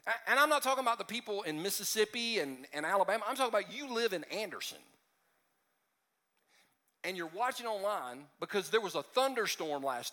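A male pastor delivers a sermon in a bright, forceful voice that sits high for a man. He talks conversationally, restarting phrases and slipping in self-deprecating jokes. The sound rings with a long church-hall reverb. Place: church sanctuary.

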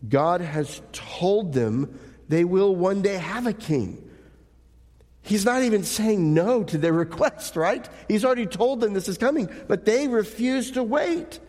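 A pastor giving a sermon, reading scripture aloud and asking the congregation rhetorical questions in an earnest way. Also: male voice, high-pitched, expressive, a little slow, darkish tone, big-room sound. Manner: earnest preaching with rhetorical questions, occasional light laughs.

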